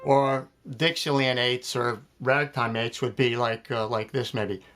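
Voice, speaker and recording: A man's voice: medium pitch, steady tone, a little slow. A man giving a jazz piano lesson, explaining phrasing step by step and counting beats aloud. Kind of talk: spoken music lesson. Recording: loud piano playing behind the voice.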